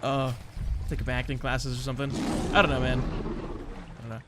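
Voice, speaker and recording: A man's voice: mid-range voice, little pitch movement, moderate pace, fairly bright tone, slight background noise. A man giving casual let's-play commentary, rambling and joking about himself. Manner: rambling, self-deprecating, jokey. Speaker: gameplay commentator. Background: game music.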